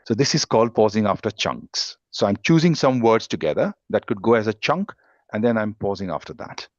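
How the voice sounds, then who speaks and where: A man's voice: lowish voice, brisk, dry recording, dull audio. A man, teaching a live workshop on speaking skills and explaining points steadily. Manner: explanatory, steady, stresses single words when demonstrating. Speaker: English language teacher, guest speaker.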